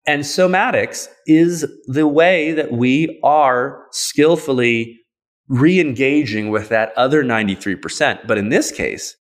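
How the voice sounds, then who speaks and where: A man's voice: on the low side, fairly bright tone. A man, a podcast guest, explaining ideas in a casual, playful, slangy way. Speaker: podcast guest, trauma practitioner.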